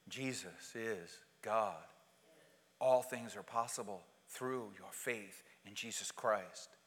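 A male pastor delivers a sermon to his congregation at an unhurried, deliberate pace. He leans on emphatic, repeated phrases. His voice carries a long reverb tail from the church sanctuary around him. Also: fairly low pitch.

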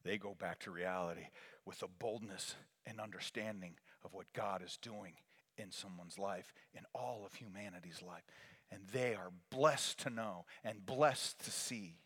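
A man preaching a sermon as pastor, swinging from hushed lines to loud calls for the congregation to repeat after him. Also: sits low, a little slow, breathy edge. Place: church sanctuary. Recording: long reverb of a large hall.

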